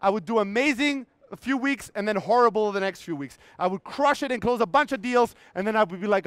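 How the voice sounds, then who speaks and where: A man's voice: sits high, lively intonation, quick pace, a bit bright, clear, resonant tone, no echo. A man in his thirties giving a blunt, profane motivational talk on a conference stage, acting out his own inner voices, his voice strained. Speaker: keynote speaker.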